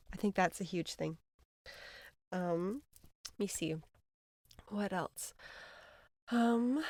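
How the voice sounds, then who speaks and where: A woman in the middle of her range talks through a casual spiritual podcast monologue, rambling and earnest. Her sentences often sink into quiet murmurs. The recording is dry and close, with no room sound. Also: medium pitch, no room sound. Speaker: podcast host, energy healer.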